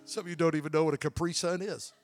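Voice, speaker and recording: A young man preaching a sermon, telling a family story and then building to loud, shouted appeals. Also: on the high side, steady tone, very fast, soft background music.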